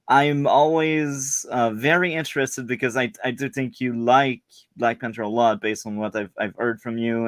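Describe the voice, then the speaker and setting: Man, mid pitch, dry mic, friendly host handing the floor around. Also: no echo. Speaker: podcast host. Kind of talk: casual podcast hosting.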